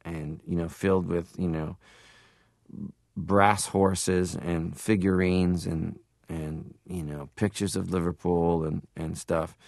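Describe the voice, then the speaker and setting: A man from Canada, an interview guest, telling animated stories and slipping into impressions. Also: low voice, vocal fry, dry recording, studio quality. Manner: animated storyteller who drops into impressions. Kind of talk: interview talk.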